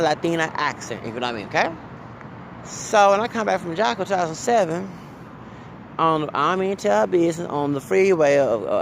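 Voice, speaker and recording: A man's voice: fairly high pitch, gravelly, a little hiss or hum. A man from Texas, ranting casually as a vlogger, rambling, stumbling over repeated "uh"s and tagging lines with "okay?". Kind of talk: casual rant to camera.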